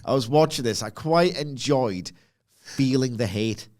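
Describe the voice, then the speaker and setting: A man in casual podcast chat, ranting with animated asides and laughs. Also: medium pitch, a little slow. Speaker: wrestling podcast co-host.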